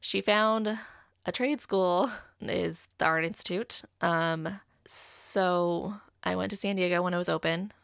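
A woman's voice: lowish voice, fairly even intonation, slow pace, vocal fry, a bit bright, clear, resonant tone, dry recording, clean studio sound. A young woman casually telling a personal story, chatty and full of "like". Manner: chatty, fills talk with "like".

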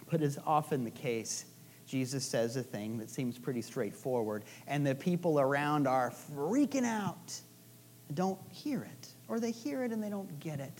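A woman's voice: low voice, expressive, normal speed, darkish tone. A woman preaching a sermon in a casual, playful storytelling way, with chatty asides to the listeners. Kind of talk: conversational sermon.

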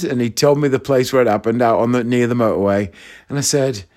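A man in his thirties from northeast England, a comedian spinning a long personal anecdote. He talks casually and chattily, breaking off for asides to his listeners. His voice sits at an ordinary middle pitch for a man. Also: a little fast, a little mellow. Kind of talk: casual storytelling.

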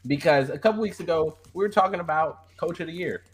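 A man's voice: on the high side, fast. A man co-hosting a sports talk show, making his points emphatically and repeating them for stress. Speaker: co-host.

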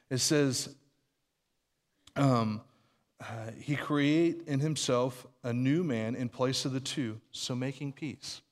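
Man preaching in a reverberant church. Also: mid-range voice. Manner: conversational, with frequent restarts and light laughs. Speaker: pastor. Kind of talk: sermon.

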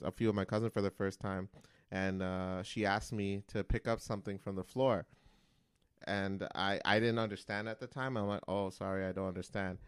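A man's voice: lowish voice, clear, resonant tone, no room sound, studio quality. A young man co-hosting a podcast, telling rambling jokey stories in casual chat. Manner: joking, rambling storyteller. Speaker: podcast co-host.

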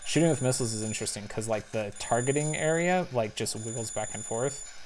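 A man giving casual commentary while playing a spy video game, thinking aloud with little excited outbursts. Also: medium pitch, fairly quick, slight background noise. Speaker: parent. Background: faint game music.

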